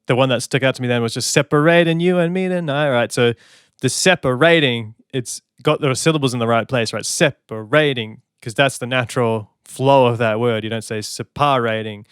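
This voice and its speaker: A man's voice: medium pitch, steady tone, a little fast, fairly bright tone, smooth, dry recording, clean studio sound. A man, a songwriter, giving casual, enthusiastic commentary on an album and scatting melodies as he talks. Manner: enthusiastic, chatty, hums and scats melodies. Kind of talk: casual music reaction commentary.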